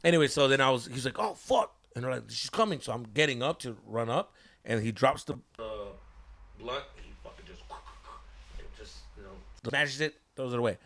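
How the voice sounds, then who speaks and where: A man, a podcast host telling a story in casual chat, profane and animated, acting out quotes. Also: mid-range voice, fairly quick. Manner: animated, profane, laughs a lot, acts out quotes.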